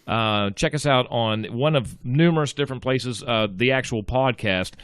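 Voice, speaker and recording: A man's voice: medium pitch, moderate pace, a bit bright, clear, resonant tone, dry recording, clean studio sound. A man hosting a casual podcast, playfully introducing guests in an announcer style. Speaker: podcast host. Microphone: studio mic.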